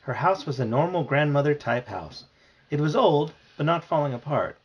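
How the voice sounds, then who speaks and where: A father reading a children's novel aloud with expressive storytelling. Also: on the high side, moderate pace, breathy edge, highs cut off.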